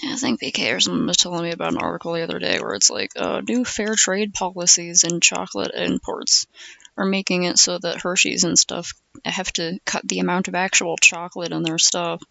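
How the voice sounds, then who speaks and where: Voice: mid-range voice, fairly even intonation, brisk, creaky, bright, forceful tone, no echo. A streamer chatting casually with viewers while crafting, swearing freely and often dropping into murmurs and whispers.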